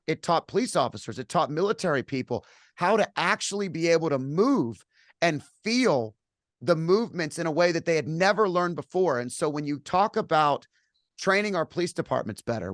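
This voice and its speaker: Male podcast host, upbeat and admiring, loose chatty phrasing, higher voice on a call. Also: no echo, studio quality. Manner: enthusiastic, praising, many restarts. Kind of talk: casual interview chat.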